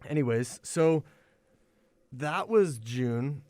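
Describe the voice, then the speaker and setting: Guy hosting a podcast, smooth clear voice, dry sound, friendly chat. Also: medium pitch, lively intonation, very slow, a little mellow, no room sound. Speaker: podcast host. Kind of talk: casual podcast interview.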